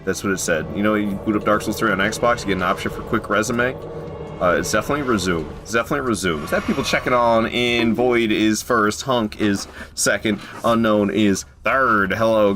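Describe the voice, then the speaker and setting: Man, game streamer, lowish voice, playful, loud sudden yelps, faint music behind. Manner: excitable, joking, jumps into high yelps when surprised. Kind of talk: casual live gameplay commentary.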